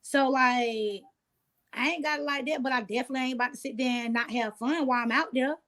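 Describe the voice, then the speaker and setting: A woman talking as an interview guest in casual chat, relaxed and streetwise, often asking "you know what I'm saying". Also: sits high, a little fast.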